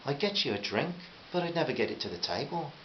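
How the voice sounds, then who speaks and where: A man's voice: mid-range voice, very animated, fast talker, roomy sound, voice pushed up, close to an everyday voice. A man playing a heartbroken man. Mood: wistful. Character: heartbroken young Irish man, kind, wry. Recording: slightly dull with faint hiss.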